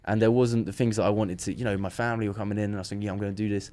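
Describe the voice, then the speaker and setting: A young man, a podcast guest, telling a long personal story in casual chat, animated and full of restarts. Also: on the low side, rapid-fire.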